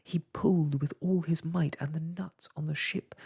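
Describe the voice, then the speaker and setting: Whispered role-play reader for a bedtime tale: slow, breathy, a touch gravelly. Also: mid-range voice. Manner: soft, slow whispered reading of an old children's book. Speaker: storyteller.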